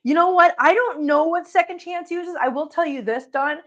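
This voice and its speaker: A woman's voice: very high-pitched, moderate pace, muffled recording. A middle-aged woman chatting casually on a home livestream, greeting viewers by name as she talks. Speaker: cat channel host.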